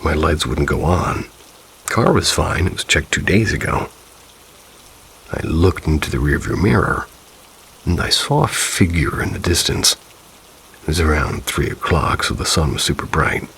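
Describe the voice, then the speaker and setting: Male narrator, very low and gravelly, calm measured read of ghost stories. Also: slight background noise, poor audio. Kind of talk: scripted narration.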